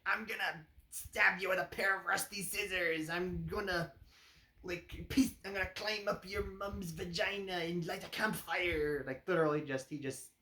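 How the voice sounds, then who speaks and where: A man's voice: on the high side, a bit bright. Rambling sarcastic man in a roomy echo. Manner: rambling, frequent "like" fillers, dry sarcasm, chuckles. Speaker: movie reviewer. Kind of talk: casual spoken review.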